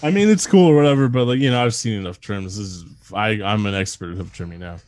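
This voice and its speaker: A man's voice: on the low side, fast, darkish tone, no room sound. A man chatting casually as a podcast co-host, rambling and swearing a lot as he jokes. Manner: rambling, profane, jokey. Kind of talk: casual chat.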